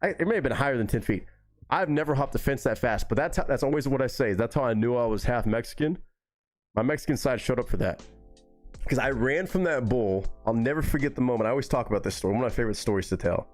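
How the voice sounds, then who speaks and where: A man on a live stream telling a story in a relaxed, rambling way, swearing freely. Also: medium pitch, fast talker, soft background music. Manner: relaxed, rambling and heavily profane.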